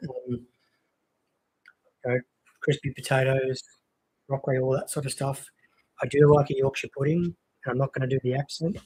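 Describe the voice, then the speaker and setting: A man's voice: mid-range voice, flat delivery, moderate pace, long pauses, a little mellow, breathy edge, rough recording. A young man chatting casually on a stream, rambling with lots of fillers. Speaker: co-host of a cricket watchalong stream. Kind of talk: casual chat.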